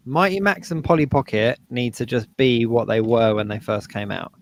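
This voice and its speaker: A man co-hosts a relaxed geek chat, agreeing easily and backing his partner up with quick yeahs. His voice has a gravelly rasp at a middle pitch. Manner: agreeable, lots of quick "yeah"s. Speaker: co-host. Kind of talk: casual live chat.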